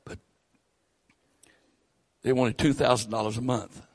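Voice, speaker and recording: An older man with a Southern accent preaching a sermon, rising loud and high on key phrases. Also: fairly even intonation, measured pace. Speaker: pastor.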